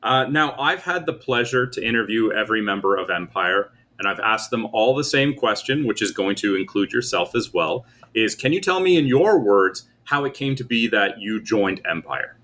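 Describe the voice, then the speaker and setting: A man with a somewhat low voice hosts an interview, reacting warmly and posing questions in a relaxed way. His voice sits a bit back from the mic. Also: moderate pace, hardly any pauses. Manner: friendly, encouraging reactions. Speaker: podcast host, interviewer. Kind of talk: casual interview.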